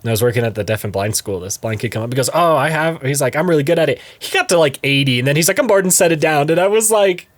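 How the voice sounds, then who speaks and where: A young man co-hosting a podcast in casual chat, laughing often and jumping into high mocking voices. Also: animated, rapid-fire, hardly any pauses. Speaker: podcast co-host.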